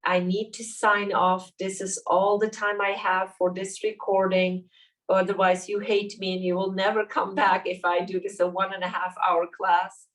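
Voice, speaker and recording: A woman leading a yoga class, calmly cueing poses and breaths step by step. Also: medium pitch, normal speed, recorded from a distance, rough recording. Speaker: yoga teacher. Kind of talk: guided yoga class instruction.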